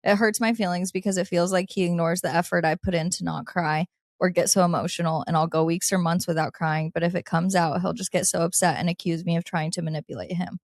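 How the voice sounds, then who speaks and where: Animated woman co-hosting an advice chat. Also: fairly low pitch, quick pace, no room sound, studio quality. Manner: animated, laughs often, reads listener letters aloud. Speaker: podcast co-host.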